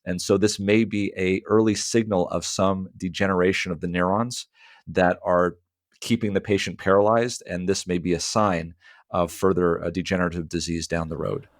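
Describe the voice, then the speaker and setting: A man's voice: low-pitched, steady tone, moderate pace, no echo, studio quality. A man, a sleep medicine doctor, explaining clinical matters in a radio interview, with frequent fillers.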